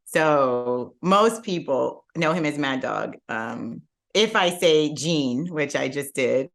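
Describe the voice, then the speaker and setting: A middle-aged woman telling her story as a podcast guest, laughing often and leaping up in pitch when amused. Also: lively intonation, slow, vocal fry. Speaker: guest entrepreneur. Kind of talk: casual podcast interview.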